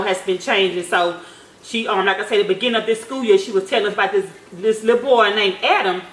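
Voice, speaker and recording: A woman, a mother, chats to her viewers in a relaxed, slangy vlog style, dropping swear words and plenty of fillers. Her voice sits a bit high, and the room around her rings with echo. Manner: chatty, loose, slangy with swearing, many fillers. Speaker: mother and vlogger. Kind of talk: casual storytelling chat. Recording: echoey room.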